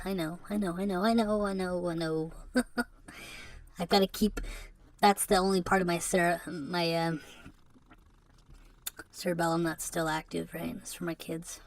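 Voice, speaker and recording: A woman hosting a podcast into a microphone, talking in a halting, rambling confessional monologue that is broken by rueful laughs and sounds depressed. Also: lowish voice. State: depressed and subdued. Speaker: podcast host.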